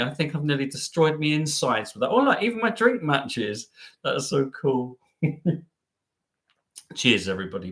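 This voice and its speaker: A man hosting a live travel stream, chatting cheekily with his viewers and letting his voice swing up and down. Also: a bit bright. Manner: cheeky, bubbly, jumps up and down in pitch.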